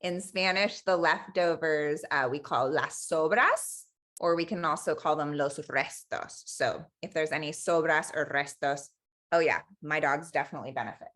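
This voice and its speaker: Her voice sits low and a touch bright, moving at an ordinary pace. An Angeleno running a cooking class online, she chats through stories while she cooks, sprinkling in Spanish, all captured in an echoing room.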